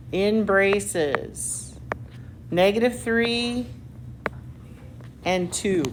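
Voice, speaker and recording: A woman's voice: mid-range voice, noisy background. A woman math teacher working through algebra problems step by step in a classroom, with a patient manner and the odd self-mocking aside. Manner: slow, patient step-by-step explaining.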